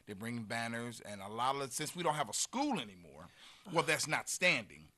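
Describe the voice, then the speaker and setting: A man in his fifties talks as a guest on a local show, warmly earnest and a little rambling, trailing off into fillers. His voice is bright and clear in tone. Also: mid-range voice, sing-song, moderate pace. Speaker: community guest. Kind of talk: casual chat.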